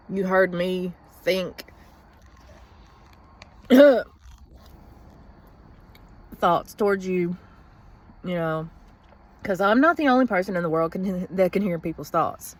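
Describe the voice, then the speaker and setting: A woman's voice: fairly low pitch, moderate pace. A woman talks in a blunt, profane, rambling way in a casual vlog, venting from inside a vehicle in a parking lot. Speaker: vlogger.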